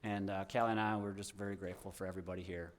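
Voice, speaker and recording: A man's voice: deep voice, level tone, rapid-fire. A young man giving an informal, heartfelt testimony to a church congregation as a guest speaker, rambling with many restarts.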